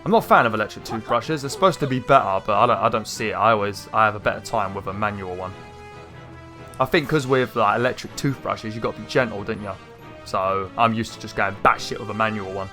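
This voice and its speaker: A man giving casual gameplay commentary, chatty and rambling, with an irritated throat that he keeps clearing. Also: on the low side, quick pace, sharp tone, soft background music. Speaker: gaming YouTuber.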